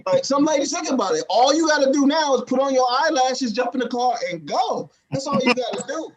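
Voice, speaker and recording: High, lively man doing stand-up. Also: brisk, a loud crowd. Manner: playful, teasing the audience. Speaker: comedian and emcee. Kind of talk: live stand-up comedy.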